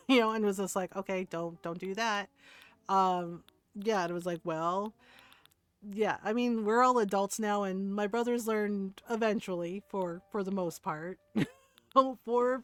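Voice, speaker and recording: A middle-aged woman streamer telling family stories casually while gaming, laughing often and swearing freely. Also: medium pitch.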